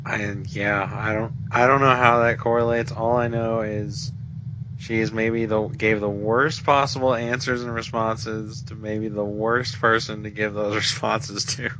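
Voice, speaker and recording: A man's voice: on the low side, level tone, unhurried. A young man co-hosting a podcast in casual chat, making dry, wry comments. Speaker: podcast co-host. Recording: muffled recording with faint background noise.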